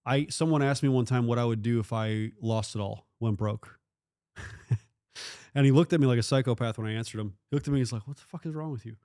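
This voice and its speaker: A man's voice: mid-range voice, steady tone, brisk, mellow, clean tone. A man who is a guest on a talk show, speaking bluntly and emphatically and swearing freely in a casual chat.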